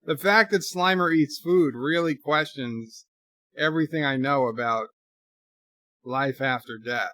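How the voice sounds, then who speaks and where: Slow-talking bright-voiced male streamer. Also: a little high, dry recording. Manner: chatty, reads viewer comments aloud and reacts. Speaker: streamer hosting a movie rewatch. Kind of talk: live movie commentary.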